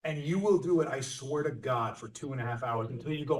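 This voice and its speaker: Animated East Coast man in echoey hall. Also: medium pitch, fairly quick. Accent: East Coast American. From Connecticut. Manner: animated storyteller, acts out quoted lines. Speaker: voice actor panelist. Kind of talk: casual panel talk. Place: large convention hall. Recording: echoey hall, mic far off.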